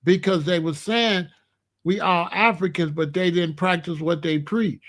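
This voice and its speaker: Speaking unhurriedly in a high voice, this man is a commentary host from Chicago. He tells stories through an opinionated monologue, animated and full of street slang.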